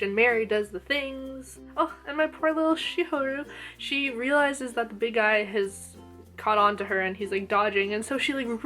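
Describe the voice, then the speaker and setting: A woman casually reviewing an anime episode, gushing and excitable, full of "oh my gosh" and "like". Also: on the high side.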